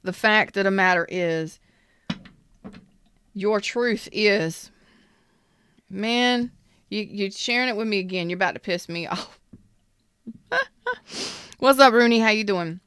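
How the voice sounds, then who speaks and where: A woman hosts a casual live-streamed tarot reading, speaking in a smooth, clear voice. She talks bluntly, swears now and then, and greets viewers by name. The sound is dry and close, with little room echo. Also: medium pitch, a little slow, long pauses, fairly bright tone. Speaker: tarot reader.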